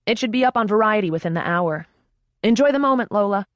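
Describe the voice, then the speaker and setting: A woman voicing a brisk, serious female publicist who speaks in a crisp, firm, businesslike way. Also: medium pitch, animated, no room sound, clean studio sound, voice pushed up, lightly acted.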